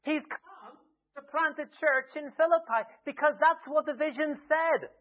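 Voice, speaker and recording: A high-voiced man preaching a sermon. He retells the story in a lively way and drops in wry asides. The sound is thin and tinny, like a phone line. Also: measured pace.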